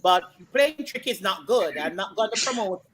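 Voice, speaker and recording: A woman with a Jamaican accent, chatting and telling folk stories with lively acted-out voices. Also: medium pitch, moderate pace, a little hiss or hum, low-quality recording. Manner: animated storytelling, acts out voices. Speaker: storyteller guest. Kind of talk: casual chat.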